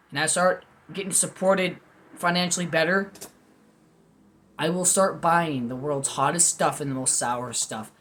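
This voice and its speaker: He speaks on the higher side, slightly bright, as he riffs unscripted about food he's tasting at home. The talk rambles casually, full of honest, self-mocking, goofy tangents.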